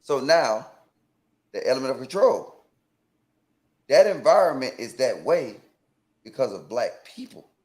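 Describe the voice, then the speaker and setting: A man's voice: medium pitch, measured pace, pauses often. Atlanta guy on a call-in show, keeps asking "right?", stumbles and restarts when he gets going. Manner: animated, asks pointed questions, repeats "right?"; stammers and restarts. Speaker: co-host. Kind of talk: call-in talk show debate.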